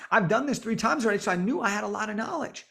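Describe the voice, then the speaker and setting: A man in his thirties giving an energetic coaching talk to camera for aspiring nonfiction authors. He is emphatic, asks rapid rhetorical questions and repeats phrases for effect. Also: high-pitched, gravelly. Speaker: book coach.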